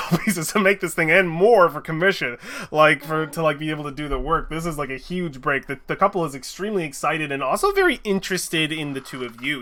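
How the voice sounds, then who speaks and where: A man narrating as game master in a tabletop game, animated and full of fillers. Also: on the high side.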